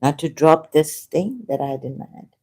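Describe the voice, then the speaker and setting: A woman's voice: low voice, lively intonation, normal speed, a little mellow. A woman talking in an unscripted monologue as an online commentator, impassioned and rambling, often repeating herself.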